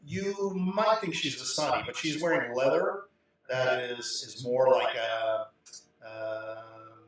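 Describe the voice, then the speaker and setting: A man narrating a tabletop game as game master, relaxed and halting, with many fillers. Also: medium pitch, recorded from a distance. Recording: roomy, echoey, off-mic.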